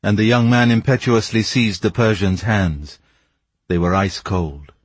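Husky low-voiced male narrator. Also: fairly even intonation, a little slow, no echo. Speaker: audiobook reader. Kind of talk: scripted narration of a classic novel.

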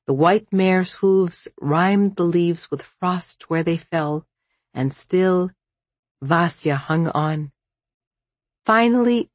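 Slow, low-voiced woman narrating. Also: no room sound. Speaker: audiobook narrator. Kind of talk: scripted audiobook narration.

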